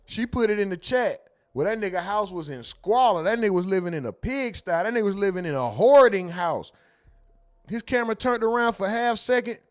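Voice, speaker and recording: A man's voice: high-pitched, big pitch swings, fairly quick, few pauses, darkish tone, soft background music. Joking, profane man hosting a livestream. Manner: loose, joking, profane, sings and mumbles to himself. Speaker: streaming show host. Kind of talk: casual livestream chat, reading chat comments.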